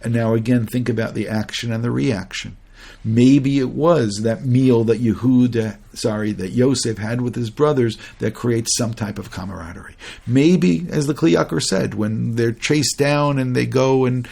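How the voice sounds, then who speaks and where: A man's voice: medium pitch, moderate pace, gravelly, darkish tone, husky. A man, a rabbi, giving a conversational Torah lecture. He earnestly questions his listeners, restarts phrases, and chants Hebrew verses between his English explanations. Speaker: rabbi teaching a Torah class.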